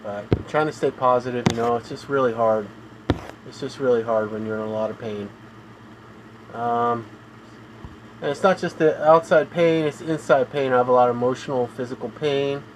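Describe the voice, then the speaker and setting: A man talking in a flat, weary monotone on a casual live stream from his home room, sounding tired and in pain as he complains. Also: medium pitch, moderate pace, background noise. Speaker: gaming streamer.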